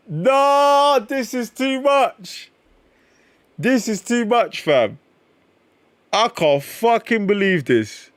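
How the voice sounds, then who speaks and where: Male streamer, unhurried but exclaiming, lively pitch swings; comic reaction read. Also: clean tone, dry recording. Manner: excitable, exclaiming, swearing, slangy.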